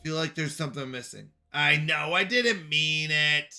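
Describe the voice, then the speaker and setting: A man's voice: fairly high pitch, measured pace, sharp tone, faint music behind. A man streaming a puzzle game, talking to himself and his chat in jokey, self-scolding asides. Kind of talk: live game commentary.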